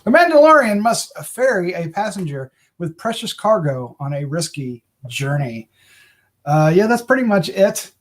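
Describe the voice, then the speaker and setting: Male podcast host with a high voice, upbeat and self-mocking. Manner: bubbly, laughs at his own slip-ups. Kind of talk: casual podcast chat.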